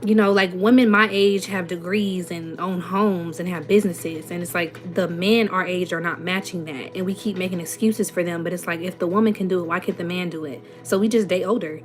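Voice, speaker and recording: A woman's voice: on the low side, fairly even intonation, brisk, few pauses, faint music behind. A woman in her twenties with a Southern US accent, chatting casually as a host who reads comments aloud and answers them in a blunt, sassy way. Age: 20s. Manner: blunt, sassy, rhetorical questions. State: runny nose. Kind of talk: casual livestream chat.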